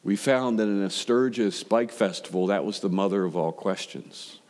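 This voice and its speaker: A pastor delivers a sermon in a relaxed storytelling style, piling up rhetorical questions. His low voice moves at normal speed, with long reverb ringing behind him as in a large hall.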